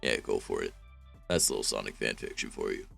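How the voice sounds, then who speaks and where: Very deep, gravelly streamer. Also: male voice, fast, bright, forceful tone, soft background music. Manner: rambling, wry and self-mocking. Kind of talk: casual stream chat, reading fanfiction aloud.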